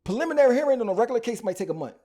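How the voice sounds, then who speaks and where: A man with a Philly accent tells his story in quick, slangy bursts, doubling back and restarting often. His voice sits high but has a dark, mellow tone. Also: big pitch swings. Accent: Philadelphia. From Philadelphia. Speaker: rapper guest. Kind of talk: storytelling interview.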